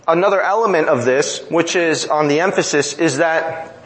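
A man's voice: on the high side, moderate pace, a bit bright, rough recording. A man preaching a sermon in an earnest, emphatic way, driving points home through repetition. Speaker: pastor.

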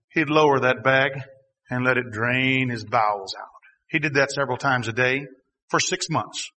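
A man preaching a sermon to a congregation, talking to them directly, laughing at times and rising to shouts. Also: a little high, big-room sound. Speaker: pastor. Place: church hall.

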